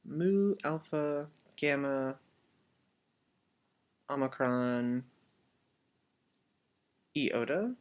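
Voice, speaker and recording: Slow, patient man teaching a lesson. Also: medium pitch, expressive. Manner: patient, repeats words for learners to echo. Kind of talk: slow classroom language lesson.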